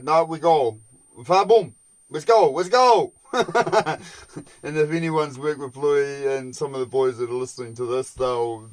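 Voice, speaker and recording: A man casually telling a long work story as a podcast host, swearing constantly, laughing often and acting out the shouting of people he worked with. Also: medium pitch, no room sound.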